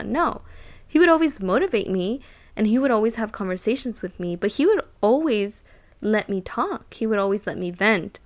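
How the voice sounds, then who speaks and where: A woman's voice: medium pitch, animated, normal speed. A woman casually telling a personal story, rambling with lots of "like" and "um" and repeating words for emphasis. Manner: rambling, heavy use of "like" and "um". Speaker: solo podcaster or vlogger.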